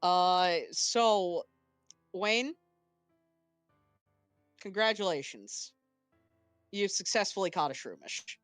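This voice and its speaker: A woman narrating as game master of a tabletop game, with a halting delivery full of restarts. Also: lowish voice, lively intonation, a bit bright, no echo, faint music behind.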